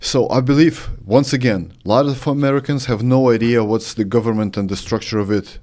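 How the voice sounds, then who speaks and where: A man's voice: mid-range voice, brisk, a little mellow. A man hosting a podcast interview, moving the talk along with short prompting questions. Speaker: host.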